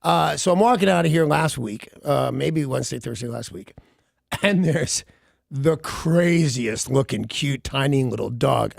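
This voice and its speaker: A middle-aged man, a radio host, telling an animated story in a casual talk segment and mimicking other people's voices. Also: mid-range voice, a little slow, creaky, no room sound, clean studio sound.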